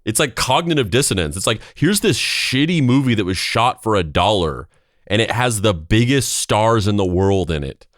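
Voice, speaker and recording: A man's voice: fairly low pitch, animated, normal speed, no room sound, clean studio sound. A man hosting a podcast, chatting casually with rambling, profane talk and reading narration parts. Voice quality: rambling, profane, filler-heavy. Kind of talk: casual chat and read narration.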